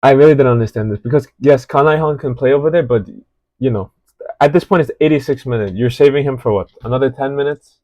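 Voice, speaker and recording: A man's voice: medium pitch, fast, mellow, no echo. Man, casual match breakdown, rambling with fillers, dry room, slightly muffled. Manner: rambling, hesitant, many fillers and restarts. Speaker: football reaction host.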